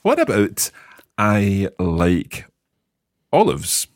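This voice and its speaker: A man's voice: lowish voice, huge pitch swings, very slow, dry recording, studio quality. A man teaching a language lesson, patiently asking questions and encouraging his students.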